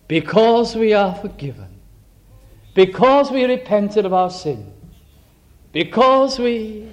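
A man preaching a sermon in an earnest, tender way, slowing for emphasis and dropping to a hush on key words. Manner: drops to a hushed low voice on key words.

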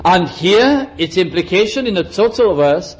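A fairly high-pitched man preaching a sermon. He gives his delivery plenty of drama, slowing down and speeding up for emphasis. When he quotes scripture or acts out a figure in the story, he changes his voice to play the part. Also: animated, rough recording.

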